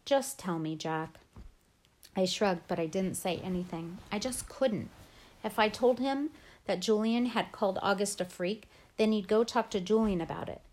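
A woman reading a novel aloud for her listeners in a steady, clear storytelling delivery. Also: medium pitch, moderate pace. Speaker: book reader.

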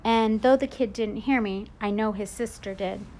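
A woman's voice: mid-range voice, moderate pace, mellow, slight background noise. Confiding woman reading a storybook. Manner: confiding, reflective boy's point of view. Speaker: audiobook narrator. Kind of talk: first-person storybook narration.

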